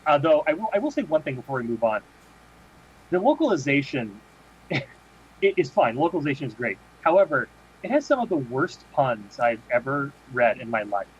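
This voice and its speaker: A man's voice: mid-range voice, very animated, moderate pace. Rambling man on a dull, lo-fi podcast mic. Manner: rambling, many restarts and fillers. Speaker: podcast co-host. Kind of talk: casual chat. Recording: dull lo-fi sound with faint noise.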